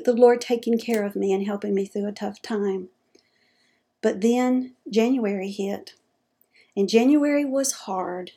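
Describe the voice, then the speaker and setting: A woman's voice: medium pitch, darkish tone, breathy edge. A middle-aged woman giving an earnest, homespun, faith-based personal talk as a dementia advocate. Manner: earnest, homespun storytelling with folksy phrasing.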